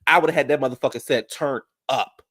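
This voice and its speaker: A man, casually reviewing a reality show, loud and animated, with profane storytelling and sudden falsetto outbursts. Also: brisk, dry recording, studio quality. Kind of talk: casual reaction commentary.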